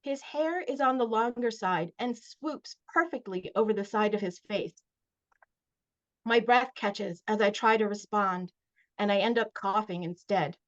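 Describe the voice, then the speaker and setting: A woman author reading aloud from her middle-grade novel at a virtual launch event, expressive in the first person, with short casual recaps. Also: mid-range voice, measured pace. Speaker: children's book author. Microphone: video call. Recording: dull lo-fi video call audio.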